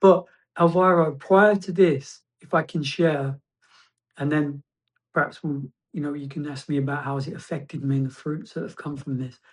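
A man sharing a personal testimony as a guest, reflective and halting, often restarting his phrases. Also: on the high side, steady tone.

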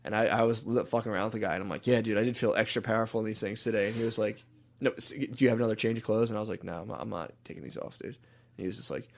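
Man, quick talker, casual storyteller, acts out other people's lines. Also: lowish voice, fairly even intonation. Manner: storytelling, acts out quotes, swears a lot. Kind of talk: casual chat.

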